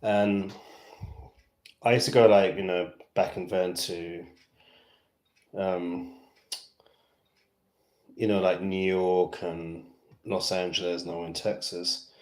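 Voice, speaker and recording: A man's voice: low voice, fairly even intonation, takes it slowly, long pauses, darkish tone, reverberant. A man from West London with a British accent, chatting casually to fans on his livestream, rambling with lots of fillers. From West London, England. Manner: rambling and chatty, heavy fillers, self-amused.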